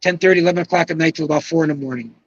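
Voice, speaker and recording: A man's voice: fairly high pitch, very fast, dry recording, muffled recording. A man in his seventies, a retired bowling pro, telling long rambling stories with emphatic asides in casual podcast conversation. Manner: rambling, emphatic anecdotal storyteller. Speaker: guest, retired pro bowler.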